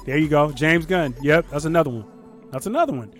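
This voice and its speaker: A man's voice: fairly high pitch, lively intonation, fairly quick, faint music behind. Emphatic man arguing casually. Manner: emphatic, repeats himself when cut off. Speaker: podcast co-host. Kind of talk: casual debate.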